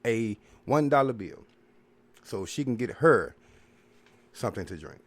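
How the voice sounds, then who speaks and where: A man's voice: mid-range voice, expressive, a little slow. A man hosting a podcast, rambling through a casual, profane, preachy monologue full of repeated filler phrases. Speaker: podcast host.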